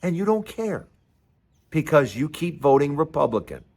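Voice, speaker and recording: A man's voice: fairly high pitch, sing-song, moderate pace, a little mellow. A man hosting his own show in an angry, sarcastic political rant, sometimes mocking others in put-on voices. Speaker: host.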